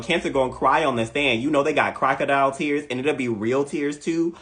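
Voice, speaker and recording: Playful, animated man joking about astrology. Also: a little high, normal speed, few pauses. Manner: animated, playful, repeats lines for emphasis. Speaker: astrology content creator. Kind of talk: casual comedic astrology monologue.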